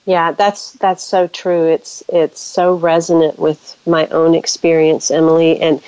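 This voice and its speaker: A woman host speaks in a low, flat voice as she muses aloud, often restarting her sentences. The recording is dry and dull, with lo-fi sound. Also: smooth, dry recording. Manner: thoughtful, halting, many restarts. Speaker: podcast host. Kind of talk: reflective interview talk.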